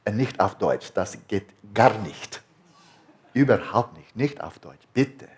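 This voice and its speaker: A man voicing a playful, nonchalant lucid dreamer who chatters in mock German, loud and jokey. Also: on the low side, animated, unhurried, breathy edge, full character voice.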